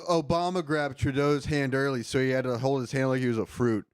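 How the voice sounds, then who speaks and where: A man guest on a comedy show, rambling and halting in casual banter, laughing at his own jokes. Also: medium pitch, fairly even intonation, smooth.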